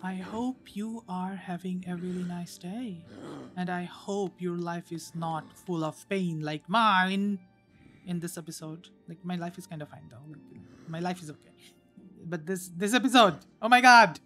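A woman's voice: lowish voice, measured pace, soft background music. Swearing, ranting woman game commentator. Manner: animated, swears freely, rants between outbursts and mumbles. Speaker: gaming channel host. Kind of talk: casual gameplay commentary.

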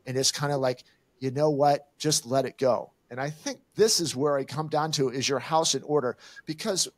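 A man's voice: on the high side, normal speed. An older man co-hosting a podcast, telling a story in casual chat and acting out the exchanges he quotes. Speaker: podcast co-host.

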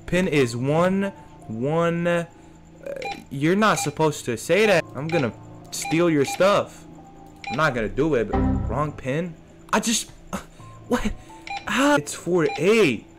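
Young male streamer, slangy and goofy, unhurried delivery over light background music. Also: on the high side, big pitch swings. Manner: slangy, jokey, talks to game characters. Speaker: gaming streamer. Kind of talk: let's play commentary. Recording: faint game music behind.

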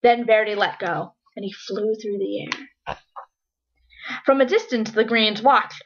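A woman reading a children's picture book aloud, with expressive, lively storytelling. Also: mid-range voice, unhurried. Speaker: storybook reader. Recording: dull lo-fi recording.

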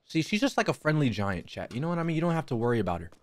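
Young male streamer, lively up-and-down delivery, slightly high voice, crude jokey banter, nervous mutters. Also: rapid-fire, a little hiss or hum. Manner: jokey, profane, talks to chat. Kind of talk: live gaming commentary.

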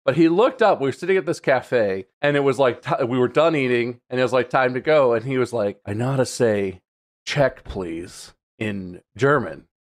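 An American man co-hosting a podcast, telling a lively anecdote in casual chat and laughing at his own story. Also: medium pitch, a little fast, few pauses. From United States. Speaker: podcast co-host.

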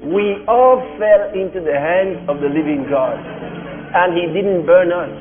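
Male pastor, fairly high voice, slow and lively delivery, preaching with emphatic repetition; thin phone-like audio with a long hall echo. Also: over music. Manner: animated preaching with dramatic repetition. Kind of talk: sermon.

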